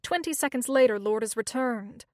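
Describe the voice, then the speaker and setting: Steady woman audiobook narrator. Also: a little high, normal speed, no echo, studio quality. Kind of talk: scripted narration.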